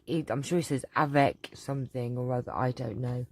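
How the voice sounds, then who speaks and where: A woman with a sore, hoarse throat, chatting casually through a vlog Q&A with lots of ums and throat-clearing. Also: very deep voice, brisk, few pauses, no room sound. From England. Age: adult, about to marry. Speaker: crafting channel host.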